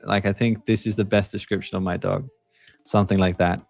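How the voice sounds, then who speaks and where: A man's voice: fairly low pitch, fairly quick, no room sound, soft background music. A man whose first language is Portuguese, chatting casually and laughing as he hosts a livestream. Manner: relaxed, chatty, laughs often, many fillers. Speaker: stream host.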